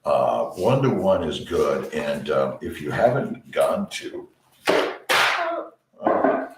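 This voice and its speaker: A man hosting a casual morning livestream from his home basement office, rambling and greeting viewers by name while keeping his voice low on a headset. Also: big pitch swings, slow pace, reverberant, far from the mic, heavy background noise. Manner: works to keep his voice low and quiet.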